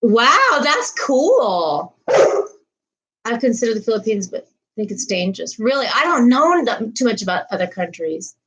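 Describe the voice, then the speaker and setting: Chatty woman streamer, higher voice. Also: sing-song, moderate pace, fairly bright tone, low-quality recording. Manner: chatty, rambling, reads and greets viewers' comments; frequent laughs and restarts. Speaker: livestream host. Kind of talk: casual livestream chat.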